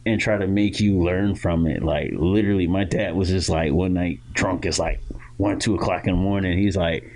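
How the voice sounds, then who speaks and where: Deep-voiced man telling stories casually. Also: moderate pace, slight background noise. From Florida. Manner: animated, loud impressions of others in quoted lines. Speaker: podcast co-host. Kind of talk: casual storytelling chat.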